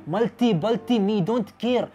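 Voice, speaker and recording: A man's voice: sits high, unhurried, dark tone. A man playing a boastful Arab father who speaks broken English and makes threats.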